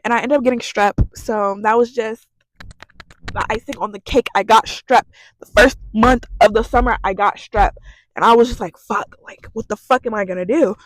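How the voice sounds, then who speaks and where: A young woman tells a storytime vlog in a rambling, casual way, swearing often and leaning on fillers. Her voice sits a little high. It is recorded close and dry, with no room sound. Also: no echo. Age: young adult. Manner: chatty, profane, lots of fillers. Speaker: vlogger.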